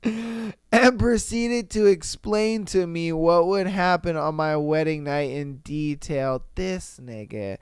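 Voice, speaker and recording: A man hosting a podcast, reading listener stories aloud and reacting with animated, profane disbelief. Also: on the high side, slow pace, clean tone, no echo, clean studio sound. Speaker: podcast host. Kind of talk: casual commentary reading stories.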